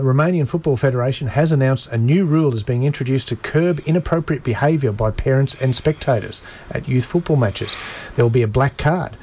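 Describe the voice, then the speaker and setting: Male radio presenter, husky voice, easygoing dry studio chat. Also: mid-range voice, warm tone. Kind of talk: community radio sports chat.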